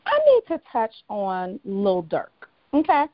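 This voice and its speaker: A woman with a Southern US accent co-hosts a podcast, chatting casually, laughing often and saying "you know" a lot. Her medium-pitched voice has huge pitch swings and moves a little slowly. The recording is a dull lo-fi home setup with fan hum.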